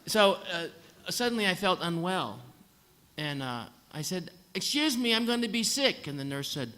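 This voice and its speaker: The singer's voice sits high and has a sing-song lilt, bright and forceful, at a moderate pace. Standing on a concert hall stage, he tells the live audience a dry, comic story, acting out the nurses' and doctors' voices.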